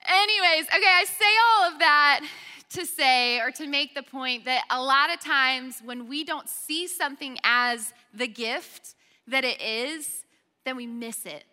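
A woman's voice: sits high, a little slow, pushed and bright. A young woman preaching to a college-age crowd in a chatty storytelling manner, often checking in with "okay?". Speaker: speaker at a college ministry gathering. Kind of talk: sermon. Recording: reverberant hall.

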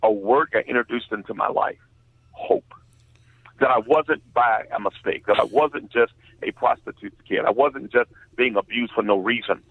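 A man giving an earnest personal testimony as a radio interview guest, halting at times and using many fillers. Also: medium pitch, husky. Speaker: guest author. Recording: tinny phone line.

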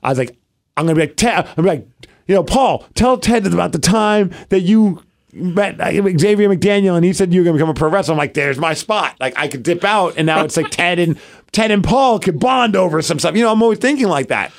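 A man with a slightly higher-than-usual voice, co-hosting a podcast in an easygoing conversation. He tells stories in an animated way, acting out who said what. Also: fairly quick. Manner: animated storyteller, acts out quoted dialogue. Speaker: podcast co-host. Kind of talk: casual chat.

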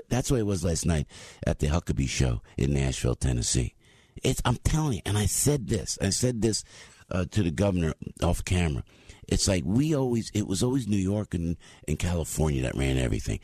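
Low husky jersey guy in his 60s, animated storyteller, bouncy lively delivery, dry close sound. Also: no echo. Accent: New Jersey. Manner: animated, acts out voices. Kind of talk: storytelling monologue.

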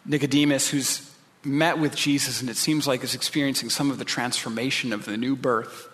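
A man's voice: mid-range voice, steady tone, fairly quick, fairly bright tone, long reverb tail. A male pastor preaching a sermon, earnest and pleading, sometimes dropping his voice to a whisper.

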